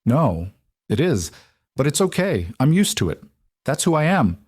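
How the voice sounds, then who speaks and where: A man's voice: mid-range voice, very animated, measured pace, a little mellow, voice pushed up. A man voicing an insecure adult husband who confesses hesitantly and apologetically in an audiobook. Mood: confessional.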